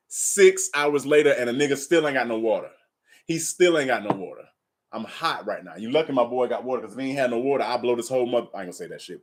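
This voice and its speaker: Laid-back man streaming from home, talking straight to viewers, swears freely. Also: medium pitch. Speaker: tarot reader and live stream host. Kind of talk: casual live stream chat and reading aloud. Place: at home in an apartment.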